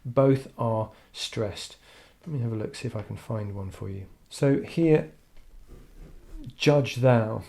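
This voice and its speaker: A man's voice: mid-range voice, measured pace, gravelly, hardly any pauses, mellow. A man teaching an English literature lesson online, talking thoughtfully with frequent "um"s and restarts. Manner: thoughtful, hesitant with frequent fillers.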